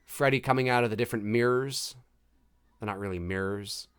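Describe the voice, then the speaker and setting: A man's voice: medium pitch, fairly quick, a bit bright, smooth. A man hosting a live movie commentary, chatting casually and joking about the scenes as they play. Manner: chatty, jokey, reacting with laughs and mock quotes.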